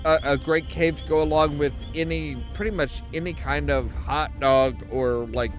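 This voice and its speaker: A man's voice: on the high side, steady tone, moderate pace, faint music behind. A man commentating a video game, rambling and swearing as he jokes about the story. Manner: rambling, profane, joking. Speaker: let's play commentator. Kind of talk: gaming commentary.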